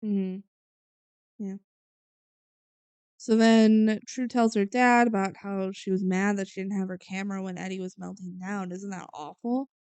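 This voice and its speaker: Brief: woman podcast co-host, casual movie recap, clear smooth voice, dry close sound, trails off softly. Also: medium pitch, level tone, unhurried, pauses often, no echo. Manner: retells scenes with filler words, often trails off quietly.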